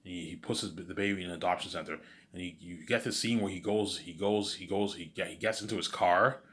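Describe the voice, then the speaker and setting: A man's voice: sits low, brisk, fairly bright tone. A man telling an imagined film scene in a loose, rambling way, restarting sentences and checking in with his listener. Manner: rambling, restarts often, keeps repeating "you know what I'm saying". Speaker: storyteller.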